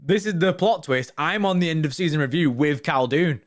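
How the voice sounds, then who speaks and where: With a fairly high voice and a moderate pace, a young man runs a football fan live stream. He chats casually with viewers, full of slang and tags like "innit" and "you know what I mean".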